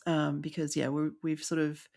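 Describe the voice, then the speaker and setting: Gravelly low-voiced woman. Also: level tone, normal speed, a little mellow. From Australia. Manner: chatty, laughs often, upbeat. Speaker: podcast co-host. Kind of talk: casual chat.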